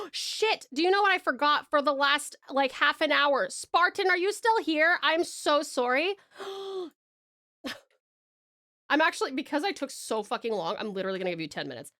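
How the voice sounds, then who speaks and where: Australian woman, streamer, high voice, casual playful chat, self-deprecating, dry close desk mic. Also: lively intonation, moderate pace, pushed and bright, dry recording. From Tasmania, Australia. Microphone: desk microphone close up.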